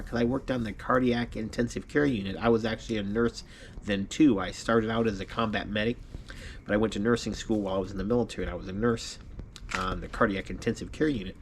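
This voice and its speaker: A man tells a personal story to camera in an easygoing, animated way, his voice sitting at an ordinary middle pitch. He breaks into laughter often as he goes. Faint noise hums behind him. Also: quick pace. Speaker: vlogger.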